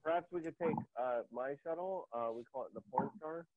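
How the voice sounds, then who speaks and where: A man playing a tabletop game, cracking deadpan jokes in character. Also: on the high side, fairly quick, narrow, tinny audio, a little hiss or hum.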